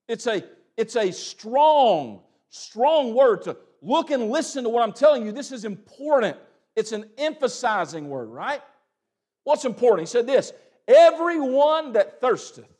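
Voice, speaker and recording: A young man preaching a sermon, breaking into loud calls between plain teaching and quick asides. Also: extremely high pitch.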